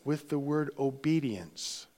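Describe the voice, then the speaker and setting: A man preaching a sermon with slow, emphatic delivery, dropping into hushed tones for emphasis. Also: medium pitch, lively intonation. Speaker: pastor.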